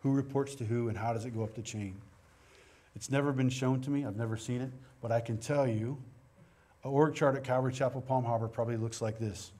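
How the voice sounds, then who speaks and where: Warm and steady, the medium-pitched voice belongs to a middle-aged pastor speaking a little fast. His sermon in the church sanctuary is earnest yet conversational and mixes scripture reading with stories from his own life.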